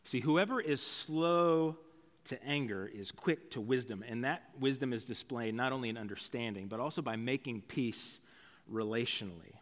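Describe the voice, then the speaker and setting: A man's voice: medium pitch, moderate pace. Man preaching in a reverberant hall. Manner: conversational, storytelling with asides. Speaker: pastor. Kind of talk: sermon.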